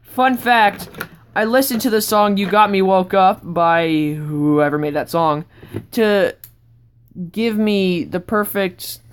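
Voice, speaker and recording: A woman vlogger giving a casual, rambling tour of her sketchbook, breaking into sudden excited outbursts. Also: mid-range voice, slow, clean tone.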